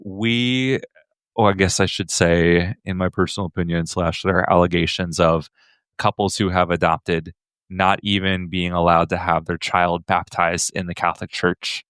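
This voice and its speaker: Deep-voiced joking American man. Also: steady tone, moderate pace, fairly bright tone, clear, resonant tone, dry recording. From United States. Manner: playful, joking storyteller. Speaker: podcast host and author. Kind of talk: casual podcast conversation.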